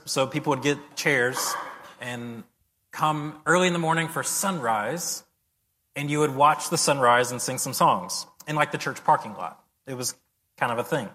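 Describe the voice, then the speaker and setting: A man delivers a sermon in a casual, story-driven way. His voice is bright and forceful. It rings with the long reverb of a large hall. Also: medium pitch. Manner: conversational, animated storytelling with acted-out reactions. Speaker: pastor. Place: church sanctuary.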